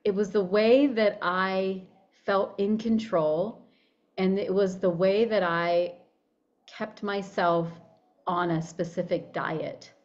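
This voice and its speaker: Heard through lo-fi sound, this woman speaks slowly at medium pitch with fairly even intonation. A guest body-image coach in a conversational interview, she is animated, acts out her inner voice, and restarts sentences often.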